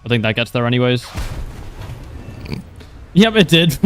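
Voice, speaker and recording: A man's voice: mid-range voice, very animated, a little slow, faint music behind. A young man livestreaming a game, chatting casually with wry humor, laughing often and answering viewers' questions. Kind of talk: casual gameplay commentary.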